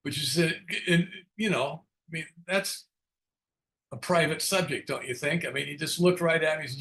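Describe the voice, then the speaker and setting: A man's voice: a little high, moderate pace, vocal fry, a bit bright. An older man leading a recovery book study, telling his own story in a frank, self-mocking way with frequent chuckles. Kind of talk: candid storytelling talk.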